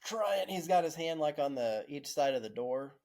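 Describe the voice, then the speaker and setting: A man's voice: on the high side, lively intonation, normal speed, darkish tone, faint music behind. A man, a podcast co-host telling stories casually, laughing through them and swearing freely. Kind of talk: casual storytelling.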